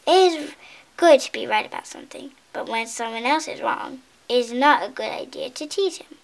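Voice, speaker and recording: A woman voicing a wise, caring old grandmother squirrel in a storybook reading, calling out gently and with urgency. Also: sits high, animated, moderate pace, creaky. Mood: advising.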